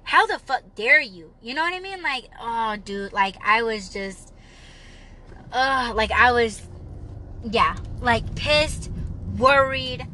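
Woman podcast host, casual ranter, unhurried delivery, noisy street ambience. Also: on the high side, animated, sharp tone. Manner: heated, swearing, laughing it off. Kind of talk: casual solo podcast rant.

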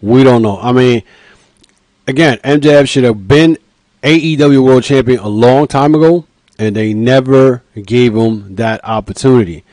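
Animated man talking wrestling, dry sound. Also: medium pitch, normal speed, dry recording. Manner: animated, reenacts quotes, filler-heavy. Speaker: podcast host. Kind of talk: casual wrestling commentary.

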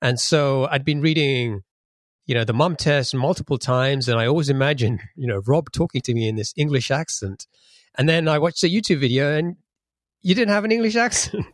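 A man's voice: medium pitch, brisk, no room sound, studio quality. A man hosting a podcast, reading a sponsor message and asking his guest questions in an eager, conversational way. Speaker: podcast host. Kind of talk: podcast interview and ad read.

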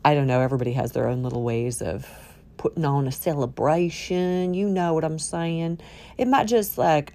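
Playful, lower-voiced woman host. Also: a little fast, vocal fry. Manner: playful and quirky, swinging between loud cheer and near-whisper. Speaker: podcast host. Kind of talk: upbeat solo podcast talk.

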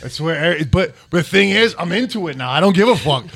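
A man's voice: on the high side, lively intonation, brisk, creaky, a bit bright. A man hosting a podcast, telling crude stories in a rambling, casual way full of fillers and swearing. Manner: rambling, profane storytelling with many fillers. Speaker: podcast host. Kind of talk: casual chat. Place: podcast studio.

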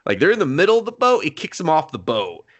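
A man's voice: on the high side, wildly swooping pitch, fast, fairly bright tone, lo-fi sound. A young man on a podcast, recapping an anime in casual, profane chat and acting out the characters' lines. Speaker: podcast co-host.

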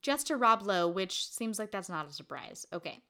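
A woman's voice: medium pitch, sing-song, normal speed, sharp tone. A woman in her thirties co-hosting a podcast, chatty and giggly in casual conversation. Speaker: podcast co-host. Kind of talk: casual chat.

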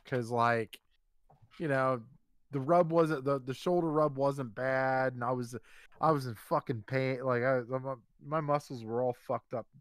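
A man's voice: mid-range voice, fairly even intonation, a little slow, dry recording. A man telling a long, rambling story in a casual chat, swearing freely and restarting his sentences often.

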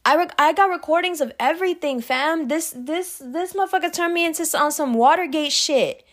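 A woman telling a story in casual chat, animated and slangy, with quick profane asides. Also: sits high.

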